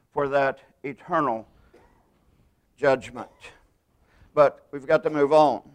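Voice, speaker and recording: A man preaches with a high, smooth, resonant voice. He leans hard on single words and slows down when he quotes scripture. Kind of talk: sermon.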